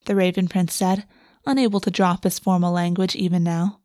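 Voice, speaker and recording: A woman reading a fantasy romance aloud as narrator, in a soft, steady storytelling voice on a close microphone. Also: on the low side, moderate pace, dry recording. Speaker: audiobook narrator. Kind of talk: scripted narration.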